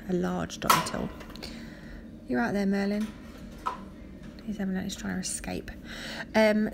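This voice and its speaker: Sleepy, gravelly woman talking nails. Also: lowish voice, background noise. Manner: rambling, relaxed, many fillers. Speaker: nail artist narrating a tutorial. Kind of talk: casual voice-over tutorial.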